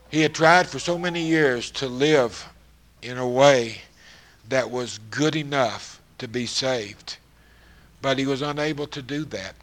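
A man delivering a sermon to his listeners. His voice sits in a middle register and climbs into loud, emphatic stretches, sometimes slowing to stress a point. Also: medium pitch. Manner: rising to loud, emphatic passages. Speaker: preacher.

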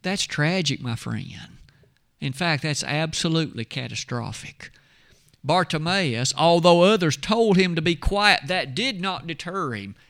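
A man preaching a sermon, reading scripture aloud and slowing down, lowering his voice for quoted lines. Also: lively intonation, creaky, a bit bright. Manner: expository preaching, reads scripture aloud in measured tones.

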